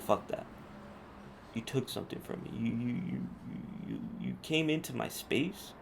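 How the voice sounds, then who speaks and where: A man's voice: sits low, gravelly, slight background noise. A man hosting a podcast, telling a personal story in a casual, profane, slangy way. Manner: profane, street slang, animated retelling. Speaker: podcast host.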